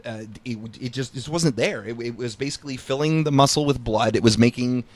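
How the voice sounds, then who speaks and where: A man's voice: mid-range voice, brisk. A man hosting a podcast in casual chat, enthusiastic but hesitant, restarting his sentences a lot. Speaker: podcast host.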